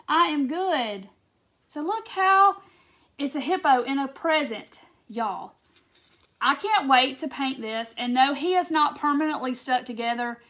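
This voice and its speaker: High-pitched chatty woman. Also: animated, bright, forceful tone. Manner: chatty, drawn-out Southern "y'all" talk, greets viewers by name. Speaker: crafting livestream host. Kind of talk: casual live crafting chat. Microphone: phone or camera mic on a livestream.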